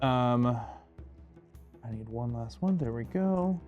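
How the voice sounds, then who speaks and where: A man's voice: mid-range voice, animated, highs cut off, faint music behind. A man playing a tabletop game, speaking hesitantly. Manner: slow and hesitant. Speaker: player. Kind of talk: casual tabletop game play.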